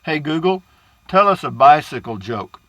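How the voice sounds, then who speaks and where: Reading viewer comments aloud to camera, an older Central Texan vlogger rambles folksily and laughs at his own jokes. His voice is a little high, a bit bright and lively in intonation, at a normal pace with no echo.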